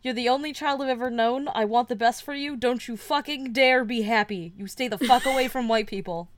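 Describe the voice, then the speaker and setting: A woman's voice: on the high side, fairly quick, no room sound, lightly acted. A woman voicing a hypocritical, bigoted older father who switches from mock tenderness to harsh scolding of his son. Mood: mock-tender.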